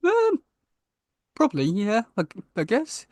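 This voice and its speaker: A man's voice: very high voice, huge pitch swings, takes it slowly, a little mellow, dry recording. A young man with a British accent, a podcast guest chatting casually, hesitant with many fillers and restarts. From Britain.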